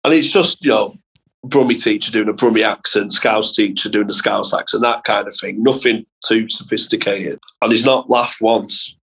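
A young man, a comedian guest on a podcast, telling animated school anecdotes in casual chat with plenty of swearing. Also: on the low side, moderate pace, creaky, breathy edge, poor audio.

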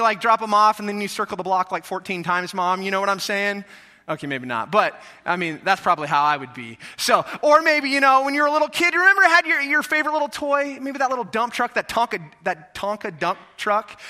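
A high-voiced man preaching with an energetic, chatty delivery, often turning to the congregation with rhetorical questions. His tone is crisp and sharply bright, and a long reverb trails each phrase through the big sanctuary. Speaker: pastor. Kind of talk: sermon. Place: large church sanctuary.

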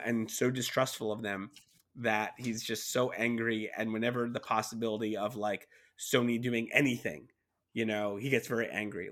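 A man's voice: on the low side, fairly bright tone. Rambling man chatting about movies. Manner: rambling, many fillers and restarts. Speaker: podcast co-host. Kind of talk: casual movie discussion.

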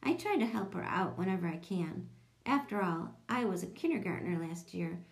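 A woman narrating a children's audiobook, telling it in a lively storytelling manner. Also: normal speed, vocal fry. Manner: lively storytelling, voicing children in higher tones.

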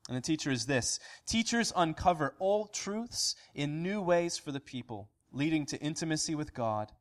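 A man's voice: fairly high pitch, lively intonation, moderate pace. A man preaching an earnest sermon as pastor, asking rhetorical questions and restarting phrases now and then. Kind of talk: sermon recap.

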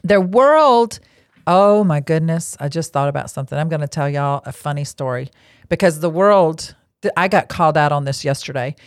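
A woman's voice: low voice, expressive, normal speed, no room sound, studio quality. A woman hosting a casual Christian teaching talk, speaking frankly and bottom-line with chatty asides, seated at a table indoors. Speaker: podcast host and lay marriage counselor.

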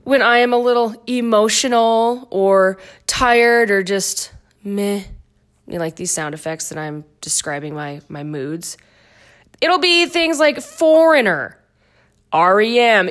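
A woman's voice: medium pitch, animated, unhurried, a bit bright. A middle-aged woman hosting her own dance fitness podcast, chatty and goofy with playful asides. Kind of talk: casual solo podcast talk.

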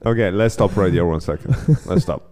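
Teasing, blunt man, low voice. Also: a little fast, mellow. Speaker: podcast host. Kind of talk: casual chat.

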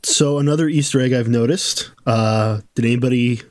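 A man's voice: mid-range voice, normal speed, a little mellow, no room sound, studio quality. A man co-hosting a casual podcast, talking with many fillers and restarts. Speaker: podcast co-host.

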